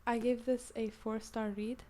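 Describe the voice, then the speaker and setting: A woman's voice: on the high side, level tone, unhurried, dark tone. A young woman with a British-sounding accent reviewing books in a rambling, playful chat that keeps cutting itself off. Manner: rambling, self-interrupting, playful. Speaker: book reviewer. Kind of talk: casual chat.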